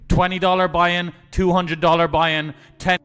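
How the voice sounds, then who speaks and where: A man's voice: high-pitched, flat delivery, a little slow, a bit bright, smooth. A man commentating his own online poker game on a live stream, muttering and swearing in exasperation.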